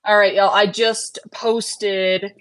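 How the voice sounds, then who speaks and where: A woman hosts a relaxed livestream, speaking slowly at an ordinary pitch. She sounds tired, chats and rambles, laughs partway through her sentences, and trails off while she clicks around on her screen. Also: rough recording. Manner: laughs often mid-sentence. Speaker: livestream host. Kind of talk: casual livestream chat.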